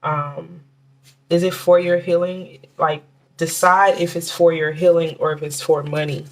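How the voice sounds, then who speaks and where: A woman giving a casual tarot reading, talking in a chatty, halting way with many restarts and fillers, and slowing down to name the cards. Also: deep voice, little pitch movement. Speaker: tarot reader.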